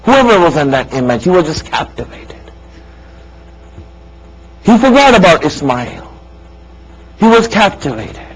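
High-voiced preacher telling a sacred story. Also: male voice, animated, measured pace, husky, poor audio. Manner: emphatic, repeats key lines, asks listeners questions. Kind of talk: sermon storytelling.

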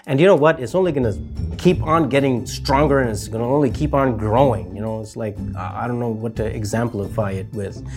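A man's voice: mid-range voice, fairly quick, a little mellow, faint music behind. A man giving a rambling, casual monologue commentary, full of fillers and mocking asides. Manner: rambling, heavy with fillers, mocking put-on voices. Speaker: political commentator.

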